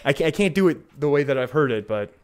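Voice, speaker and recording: A man's voice: fairly high pitch, animated, quick pace, clear, resonant tone. Chatty Canadian man streaming games. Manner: chatty and self-deprecating, chuckles and restarts mid-sentence. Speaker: game streamer. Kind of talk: casual live-stream gameplay commentary.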